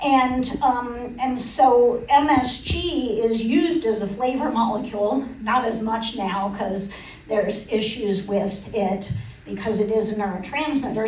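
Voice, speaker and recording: A woman's voice: mid-range voice, a little hiss or hum. A woman giving a casual science talk to a live audience, with many fillers and restarts. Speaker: guest speaker on food science. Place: lecture room. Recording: roomy, distant mic in a hall.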